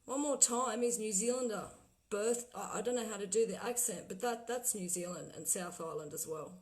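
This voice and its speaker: Woman host of a casual livestream vlog, excitable and chatty, mid-range pitch. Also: normal speed, poor audio. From Australia. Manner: excited, trailing off, laughing often. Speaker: vlogger playing spirit recordings.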